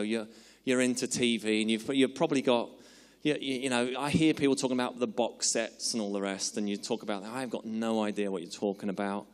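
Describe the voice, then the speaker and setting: A male preacher at a mid-range pitch delivers an earnest sermon, drawing out key words before drifting into relaxed, joking asides. His voice rings out in a large hall with a long, trailing reverb. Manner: earnest, slows for emphasis, loosens into chatty humorous asides.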